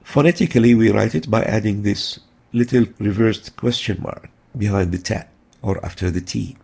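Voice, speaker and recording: Gravelly husky guy teaching pronunciation, says each sound over and over, dark tone. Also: lowish voice, normal speed. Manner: methodical, repeats sounds for drilling. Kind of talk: instructional lesson.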